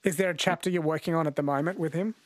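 A man's voice: a little high, steady tone, rapid-fire, no room sound. A man hosting a radio call-in quiz, chatting in a friendly way with callers. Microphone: studio mic.

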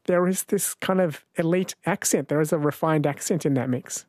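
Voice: medium pitch, moderate pace, darkish tone. An interview host with a mid-range voice asks curious follow-up questions and steers to the next topic. The recording is dry, with no room echo. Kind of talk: conversational interview.

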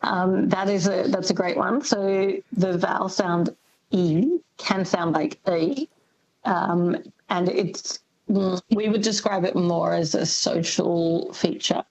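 A woman speaking as a linguist guest on a radio interview, thoughtful and careful, hedging often and pausing with ums. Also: on the low side, darkish tone, poor audio. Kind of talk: radio interview, expert explanation.

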